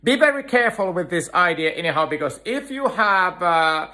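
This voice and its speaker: A man giving an earnest dog-training lecture, talking in halting phrases full of "uh" fillers. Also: high-pitched, very animated, sharp tone. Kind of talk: instructional lecture.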